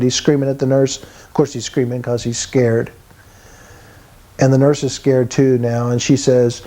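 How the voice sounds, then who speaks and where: A man's voice: mid-range voice, flat delivery, moderate pace, dark tone, rough recording. Earnest man in his sixties telling his story. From Texas. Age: 60s. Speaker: testimony speaker. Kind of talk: spoken personal testimony.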